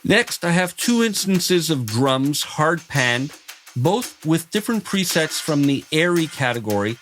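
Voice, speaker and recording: Calm man explaining music software over music. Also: fairly high pitch. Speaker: music production instructor. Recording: voice over loud background music.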